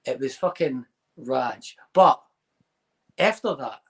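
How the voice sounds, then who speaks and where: A man's voice: medium pitch, slow pace, slightly rough. A man telling a long, sweary anecdote in casual chat, acting out the people in it. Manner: swearing, animated anecdote-telling with acted quotes. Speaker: podcast host.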